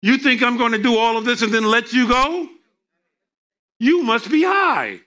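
A man's voice: very high-pitched, lively intonation, normal speed, sharp tone, pitched above the performer's own voice, exaggerated voice. A man voicing God as a loving, protective father who is incredulous and joking.

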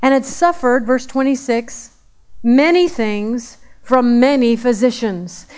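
A woman's voice: a little high, takes it slowly, darkish tone, smooth. A woman preaching a sermon in a conversational way, repeating phrases for emphasis.

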